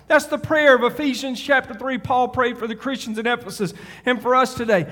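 Male pastor, very high voice, fervent preaching that swells to hollering, long church-hall reverb. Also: fairly even intonation, brisk, a bit bright. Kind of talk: sermon. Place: church sanctuary.

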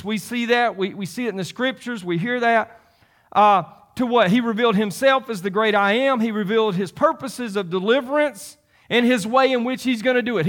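A man's voice: high-pitched, fairly bright tone. A man in his fifties preaching a sermon, emphatic and repeating phrases for stress. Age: 50s. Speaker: pastor.

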